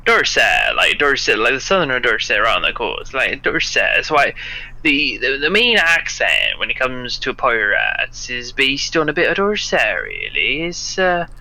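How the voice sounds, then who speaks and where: A man's voice: mid-range voice, huge pitch swings, moderate pace, gravelly, sharp tone, rough recording. A man with a Welsh accent chatting on a stream, joking and rambling with restarts. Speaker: guest on a livestream. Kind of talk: casual chat.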